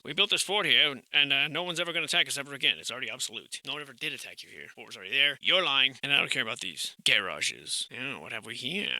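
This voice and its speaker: A man's voice: medium pitch, sharp tone, no room sound. A man giving sarcastic, foul-mouthed comedic voice-over commentary, jumping between silly voices. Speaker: comedic narrator.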